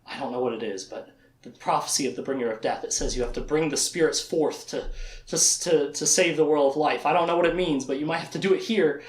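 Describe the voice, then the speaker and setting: A man's voice: on the high side, fast talker, echoey room, pitched below the performer's own voice, close to an everyday voice. A man quoting a blunt, exasperated female sorceress in his own lecturing voice. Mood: urgent. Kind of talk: casual lecture.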